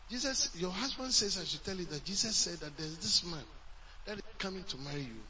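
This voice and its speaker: A male pastor delivers a storytelling sermon. His voice is very bright and slightly high, with a lively, swinging pitch. The recording sounds dull and lo-fi. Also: fairly quick, recorded from a distance, a little hiss or hum. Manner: storytelling, swinging between loud and hushed.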